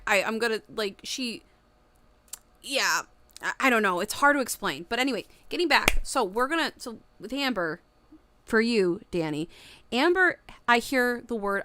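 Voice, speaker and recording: A young woman giving tarot readings on a casual livestream, rambling with lots of fillers and breaking into excited laughter now and then. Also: a little high, clean tone, no room sound.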